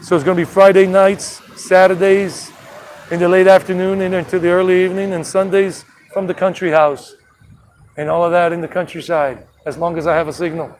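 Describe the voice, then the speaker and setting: A man's voice: sits high, flat delivery, fairly quick, darkish tone, a little hiss or hum. A man hosting a casual travel live stream from an outdoor city street, talking loosely and restarting sentences often into a phone held at arm's length. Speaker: travel vlogger.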